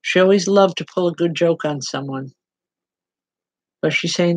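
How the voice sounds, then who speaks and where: A woman's voice: lowish voice, moderate pace, darkish tone, no echo, rough recording. A woman working as a medium, giving spirit readings online and speaking directly to people by name in an earnest, plain-spoken way.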